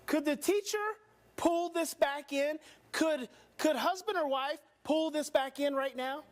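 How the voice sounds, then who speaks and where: A man's voice: very high voice, fairly even intonation, unhurried. A male seminar presenter talks parents and staff through a clip. He explains patiently and keeps posing questions back to the room. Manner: explanatory, asks the audience rhetorical questions. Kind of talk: teaching seminar commentary.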